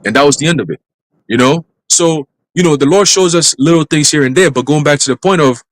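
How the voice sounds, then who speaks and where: A man in a live church stream telling a dream as testimony, in brisk street slang with some cursing. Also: fairly high pitch, rough recording. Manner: brisk storytelling full of street slang and profanity. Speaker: church minister.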